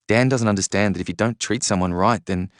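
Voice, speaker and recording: A man voicing an anxious young woman who speaks haltingly, with fillers and breaks. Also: fairly low pitch, no echo, clean studio sound, close to an everyday voice. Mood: uneasy.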